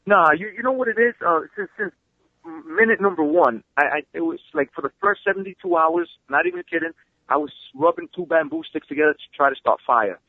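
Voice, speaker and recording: Fast-talking man on a tinny phone line. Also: a little high, dry recording. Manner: fast, excitable storyteller who swears freely. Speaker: guest. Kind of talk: animated storytelling, casual interview. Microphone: phone call.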